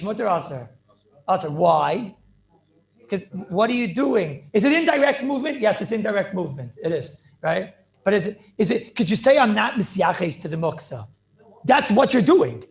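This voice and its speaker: High gravelly man lecturing over a video call. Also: lively intonation, moderate pace. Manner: repeats phrases, checks in with "right?" and "clear?". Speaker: rabbi teaching a class.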